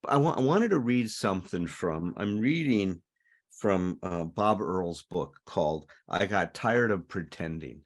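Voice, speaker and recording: Man, low voice, recovery group sharer, reads aloud and riffs on it with earnest energy. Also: animated, measured pace. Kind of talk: reading aloud and commenting in group talk.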